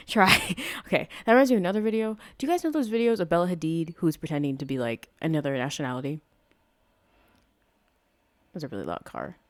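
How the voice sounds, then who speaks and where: Young woman, podcast host, lively swooping delivery, rather low voice, rambling and profane, dry close sound. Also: dry recording. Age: young adult. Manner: rambling, profane, easily sidetracked. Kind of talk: casual solo podcast chat. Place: at home, street traffic nearby.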